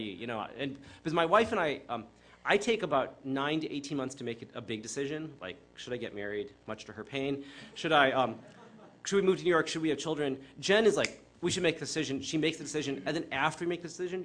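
A man's voice: mid-range voice, animated, fast talker, fairly bright tone, a little hiss or hum. Conversational middle-aged male preacher. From Chicago area. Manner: conversational, with many fillers and self-corrections. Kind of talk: sermon.

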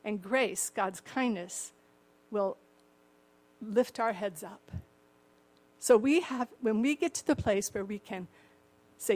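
A woman's voice: mid-range voice, takes it slowly, long pauses. An older woman preaching a sermon, with a slightly cracked voice and chuckling asides. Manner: warm chuckling asides, acts out the story voices.

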